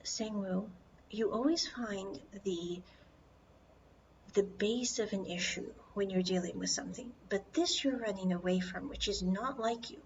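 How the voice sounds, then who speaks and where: A woman doing a calm, coaxing young man. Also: mid-range voice, measured pace, muffled recording, slight background noise, natural voice.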